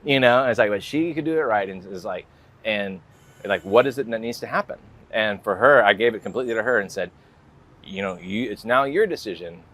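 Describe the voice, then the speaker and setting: In a lowish, somewhat bright voice, an American man speaks fairly quickly during an interview. He's a guest artist, casual and rambling, filling his speech with "like" and "you know."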